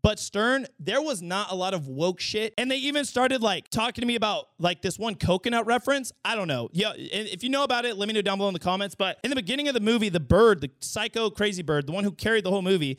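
A man hosting his podcast, giving a casual, animated movie review with swearing, his voice getting hoarse. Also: sits high, quick pace, hardly any pauses, no echo, clean studio sound. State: losing his voice. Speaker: podcast host.

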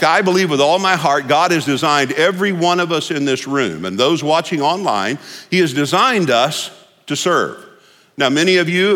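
Folksy preacher in an echoey church. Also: male voice, a little high, a bit bright. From Texas. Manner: folksy, humorous storytelling with repetitions. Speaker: pastor. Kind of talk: sermon. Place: church sanctuary. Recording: long reverb of a church hall.

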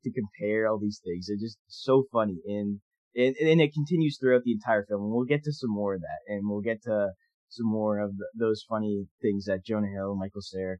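A young man co-hosting a casual film discussion, chatty and animated, laughing often as he talks. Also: on the low side, no room sound, highs cut off. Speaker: podcast co-host.

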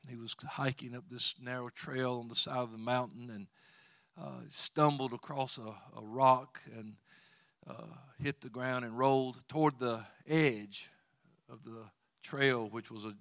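A man's voice: medium pitch, fairly even intonation, unhurried, no room sound. Folksy preaching man, dry sound. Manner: folksy storytelling with plain asides; swells to loud exhortation when leading praise. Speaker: pastor. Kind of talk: sermon. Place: church.

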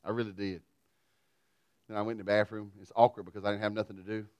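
A middle-aged man, preaching a sermon through a folksy, self-deprecating personal story, swinging from loud to quiet. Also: fairly low pitch, little pitch movement, fast talker, smooth, no room sound, highs cut off. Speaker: pastor.

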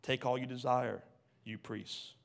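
A man preaching a sermon, reading scripture aloud and questioning the congregation, swinging from hushed lines to loud ones. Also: medium pitch, steady tone, unhurried, gravelly. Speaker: pastor.

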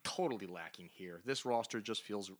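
A man co-hosting a comic book podcast, recapping an issue in casual chat and briefly putting on voices for the characters. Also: lowish voice. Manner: animated retelling with quick put-on character voices. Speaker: podcast co-host.

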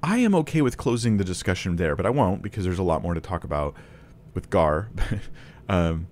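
A man's voice: low-pitched, sing-song, a little fast, darkish tone. A man teaching a Bible lesson to camera in a casual, conversational way, thinking aloud with restarts and small laughs.

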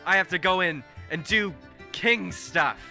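A man puts on a loud, giddy young king in a tabletop role-play, all shouts and cheer. The voice is raised and very bright. Faint music plays behind. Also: high-pitched, measured pace, creaky, pitched above the performer's own voice, heavily acted. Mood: rallying. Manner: shouty, exuberant.

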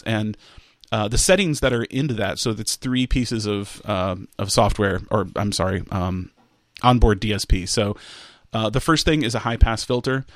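Speaking over an online call through headphones and a studio mic, a male audio product specialist guest explains audio gear step by step in a casual way, often restarting and using fillers. His lowish voice comes through at studio quality with no room sound.

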